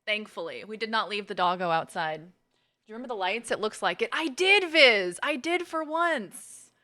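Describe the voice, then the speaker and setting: A woman's voice: medium pitch, animated, normal speed, sharp tone. A woman streamer in casual live chat, playfully greeting viewers by name. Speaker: gaming streamer.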